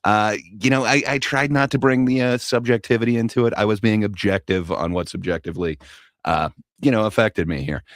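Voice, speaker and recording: A man's voice: fairly low pitch, brisk, no room sound, studio quality. A man hosting a casual panel debate. He talks with enthusiasm, swears casually, and fills his speech with fillers and stammered restarts. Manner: hesitant, many fillers and restarts.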